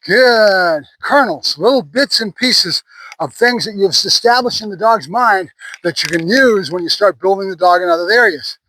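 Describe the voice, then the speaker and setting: A man's voice: sits high, expressive, moderate pace, bright, forceful tone, rough recording. A middle-aged man working as a dog trainer, praising his dog between explanations to viewers. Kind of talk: hands-on training demonstration.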